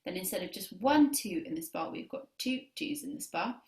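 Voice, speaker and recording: A woman's voice: mid-range voice, animated, brisk, darkish tone. Woman, clarinet teacher, encouraging, counts students in, echoey room, distant camera mic. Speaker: music teacher. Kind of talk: beginner clarinet lesson video.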